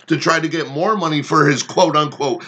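A man's voice: a little high, normal speed, bright, forceful tone. A man co-hosting a podcast, telling a story casually and sarcastically, with plenty of swearing.

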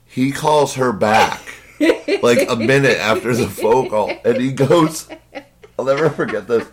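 A man's voice: mid-range voice, lively intonation, unhurried, a little hiss or hum. A man co-hosting a podcast, telling a story in a casual, teasing way and swearing freely. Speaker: podcast co-host.

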